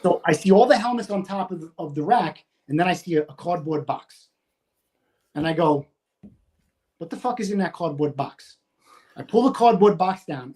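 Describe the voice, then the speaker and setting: Cursing liberally, a man in his fifties who retired from firefighting in the US recounts a story casually, acting out the shouting he did. His voice is a little high, and he's animated and profane throughout.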